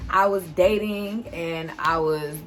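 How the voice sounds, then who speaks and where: A woman's voice: lowish voice, slow pace, fairly bright tone. A woman, animatedly telling a casual storytime straight to her viewers. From Detroit, USA. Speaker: vlogger.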